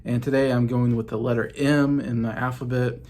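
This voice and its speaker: Down in his home basement, a late-30s YouTube host rambles chattily as he shows off his film collection. He speaks a little fast, with a medium-pitched, level, darkish voice.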